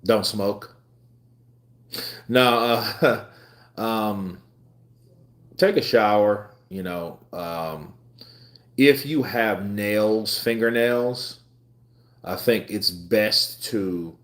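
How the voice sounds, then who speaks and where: Extremely slow and broken by long pauses, this man's voice sits on the low side. He's a twenty-something livestream host giving casual commentary, relaxed and laughing often through rambling anecdotes.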